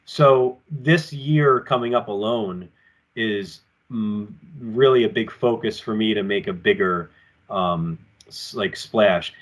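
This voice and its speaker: A man who wrestles professionally, guesting on a podcast from his apartment and telling stories in a loose, rambling way, acting out what others said. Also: on the low side. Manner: rambling and animated, acting out quotes. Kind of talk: casual storytelling in an interview. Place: home apartment with collectibles shelves.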